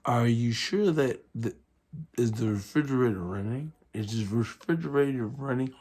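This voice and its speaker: A man imitating an eccentric male lawyer he once worked with, in a low, breathy, halting whisper. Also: darkish tone, natural voice. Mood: hushed, odd. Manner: slow, hesitant, halting. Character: eccentric hushed male lawyer, odd and fussy.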